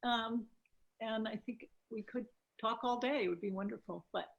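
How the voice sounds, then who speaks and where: A woman's voice: a little high, moderate pace, vocal fry, highs cut off. A woman moderating a panel discussion, thanking guests and reading a question aloud. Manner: gracious, reads questions aloud.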